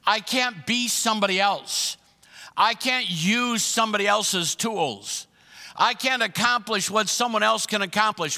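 A man's voice: high-pitched, moderate pace, sharp tone, long reverb tail. A man preaching a sermon, emphatic and repeating his questions to the congregation. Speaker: pastor.

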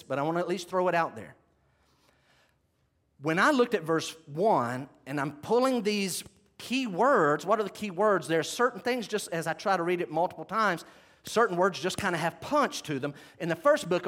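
A man's voice: high-pitched, a bit bright. A man teaching a sermon, stressing key words, asking the audience questions and having them take notes. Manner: emphatic, asks the audience questions. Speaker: Bible teacher.

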